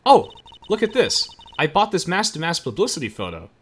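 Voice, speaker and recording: Man voicing a chirpy, excitable young game sidekick girl, high and bouncy. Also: a little fast, a little hiss or hum. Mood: excited.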